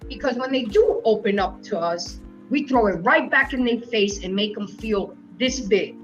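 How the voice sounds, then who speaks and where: A woman's voice: on the high side, normal speed, soft background music. A middle-aged woman hosting a live-stream discussion, talking frankly and with passion, cursing freely. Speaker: host. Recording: dull lo-fi stream audio.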